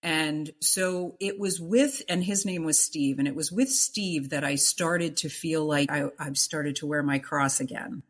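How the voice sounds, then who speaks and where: A middle-aged woman with a deep, low voice speaks as a guest in an interview. She tells her personal story of faith earnestly, pressing her points and repeating words for emphasis. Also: a little slow, few pauses. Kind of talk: emotional personal testimony.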